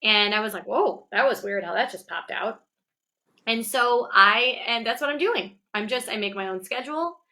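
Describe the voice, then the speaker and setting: A woman's voice: a little high, lively intonation, normal speed, pushed and bright. A woman guest on a livestream, speaking earnestly and reflectively about her work, often restarting sentences. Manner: reflective, self-correcting, earnest. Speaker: guest, business owner and coach. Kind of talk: casual livestream chat.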